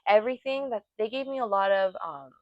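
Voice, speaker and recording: A woman's voice: mid-range voice, brisk, no room sound, dull audio. A young woman co-hosting a podcast, telling stories in casual chat and acting out what everyone said. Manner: animated storytelling, acts out quotes. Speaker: podcast co-host.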